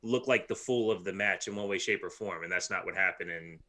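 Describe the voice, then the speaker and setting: A man's voice: sits low, fairly quick, sharp tone. A man co-hosting a casual podcast, giving opinions in a thoughtful, hedging way. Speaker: podcast co-host. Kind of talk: casual chat.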